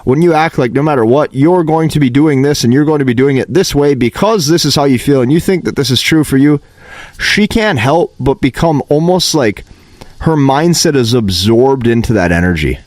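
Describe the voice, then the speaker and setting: A man's voice: mid-range voice, lively intonation, moderate pace, a little mellow, no room sound. A man giving a motivational dating-advice monologue, emphatic and repetitive, lecturing the listener.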